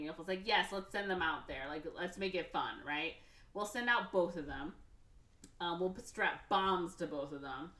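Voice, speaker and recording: A woman's voice: on the low side, a little slow, fairly bright tone. A woman podcast co-host casually retelling a film plot in a rambling way, full of "like" and "or whatever" and acting out the characters' lines. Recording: roomy echo, mic off at a distance.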